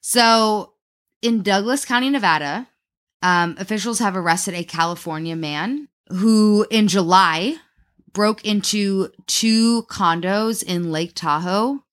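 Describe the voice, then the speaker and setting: A woman's voice: mid-range voice, takes it slowly, fairly bright tone. A woman co-hosting a podcast, telling a true crime story in casual chat, with frequent fillers like "um" and "like". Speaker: podcast co-host.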